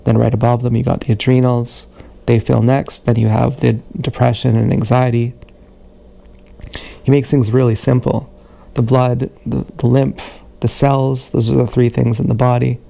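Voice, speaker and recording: A man talking in a casual rambling monologue on a livestream, halting with many restarts and repeated words, recorded on an action camera mic. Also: mid-range voice, little pitch movement, vocal fry, warm tone.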